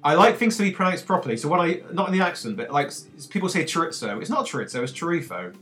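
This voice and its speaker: A man bantering playfully on a podcast, laughing between his remarks. His voice sits a touch high. Guitar music plays clearly underneath. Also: very animated, rapid-fire, a bit bright. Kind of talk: casual banter.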